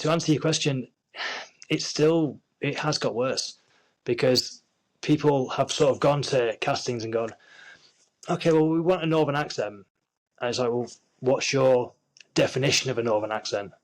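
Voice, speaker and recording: A man's voice: medium pitch, low-quality recording. A young man from Yorkshire with a Yorkshire accent, a guest actor in a casual interview, talking at length with many restarts and fillers. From Yorkshire, England. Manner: rambling, frequent restarts and fillers.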